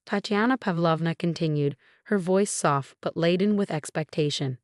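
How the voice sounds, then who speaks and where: A woman narrating a scripted story in a steady, even storytelling manner. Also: fairly low pitch, normal speed, hardly any pauses, no room sound, clean studio sound.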